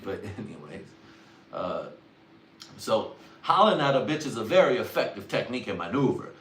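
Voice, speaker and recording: A man's voice: lowish voice, sing-song, normal speed, fairly bright tone. Crude young man ranting in a roomy echo. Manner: vulgar, laughs often, drawling slang. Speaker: livestream host. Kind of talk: crude rambling comedic monologue. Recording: roomy echo, distant mic, faint noise.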